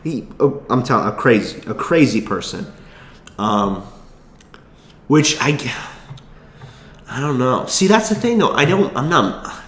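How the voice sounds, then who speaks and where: A man's voice: medium pitch, lively intonation, a bit bright. Young man rambling in an echoey room. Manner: rambling, profane, quick asides and restarts. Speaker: vlogger. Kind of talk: casual storytelling monologue.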